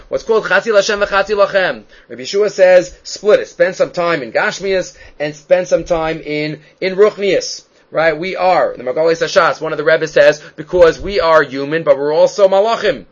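Guy teaching a talmud class, kinda high voice, punchy emphatic delivery, muffled lo-fi audio. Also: moderate pace, hardly any pauses. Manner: emphatic, rising and dropping sharply for stress. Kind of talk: Talmud lecture. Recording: dull lo-fi recording.

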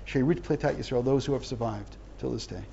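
A middle-aged man with a husky, dark, mid-range voice and vocal fry moves briskly through a text-study lesson. He reads Hebrew aloud and translates it line by line, explaining earnestly and often starting over. The recording is dull and lo-fi.

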